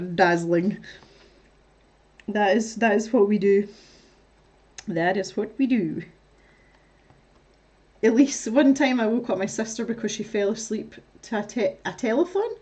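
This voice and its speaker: A woman's voice: mid-range voice, a little mellow. A woman chatting casually while crafting on a livestream, telling stories, reading out chat comments and laughing often.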